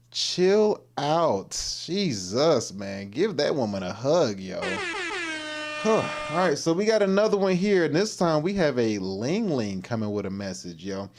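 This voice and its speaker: A man's voice: mid-range voice, a little mellow. A man hosting a livestream and reacting to a video in casual, slangy commentary, exclaiming and laughing as he goes. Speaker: livestream host.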